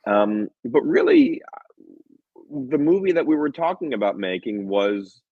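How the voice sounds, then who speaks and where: A man, a film director, talking casually in an interview, telling stories with lively quoted voices and frequent laughs. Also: medium pitch, unhurried, no room sound. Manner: animated storyteller, acts out quotes, laughs often. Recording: dull, dry lo-fi sound.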